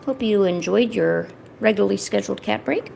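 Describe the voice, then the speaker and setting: A young woman streaming, coaxing and teasing her cat in a playful, high-pitched baby-talk voice. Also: fairly quick, vocal fry, darkish tone, slight background noise. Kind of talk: live-stream chat.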